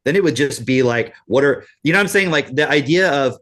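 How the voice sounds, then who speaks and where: A man's voice: mid-range voice, expressive, brisk, fairly bright tone. A man co-hosting a podcast in casual chat, talking in an emphatic, profane rant. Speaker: podcast co-host.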